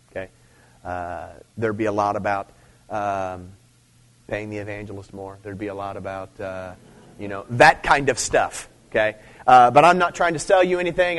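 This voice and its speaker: A man preaching a sermon in a casual, conversational way, repeating phrases, checking in with "okay?", and rising to loud emphatic stress. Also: a little high. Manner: conversational, repeats himself, frequent "okay?" and "see"; rises to loud emphatic stress on key points. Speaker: pastor.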